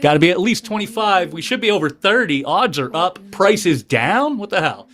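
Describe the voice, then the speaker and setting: Chatty livestream seller, lively high voice. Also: male voice, normal speed. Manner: chatty, talks to chat, does card tricks. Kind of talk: casual livestream selling patter.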